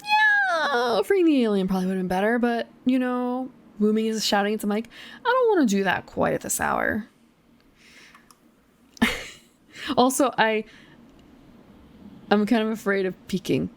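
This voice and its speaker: A young woman streams herself reading a gamebook aloud, in a voice of ordinary middle pitch. She breaks off into chatty, giggly, self-deprecating remarks. Her tone stays casual throughout. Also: sing-song, moderate pace, creaky, long pauses.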